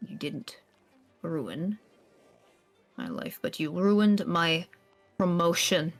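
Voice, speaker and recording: A woman's voice: fairly low pitch, sing-song, takes it slowly, soft background music, exaggerated voice. A woman voicing a resentful young woman trainee who speaks in a clipped, formal, accusing way. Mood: bitter, angry.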